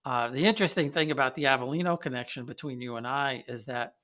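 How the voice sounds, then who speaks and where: A male podcast host chats with his guest in a loose, unscripted way. His tone is bright and sharp, and his pitch sits at an ordinary middle height for a man. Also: quick pace. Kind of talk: conversational interview.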